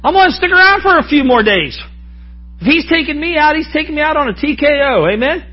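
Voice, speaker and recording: A man's voice: extremely high pitch, sing-song, quick pace, highs cut off. A man preaching a sermon in a folksy, joking way, often calling out to the congregation for an amen. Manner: folksy, joking, asks the crowd for amens.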